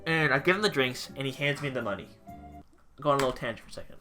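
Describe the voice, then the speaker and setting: Bright-voiced young man ranting. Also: medium pitch, rapid-fire, faint music behind. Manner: exasperated, rambling, swears casually. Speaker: vlogger, pizza delivery driver. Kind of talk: storytime rant.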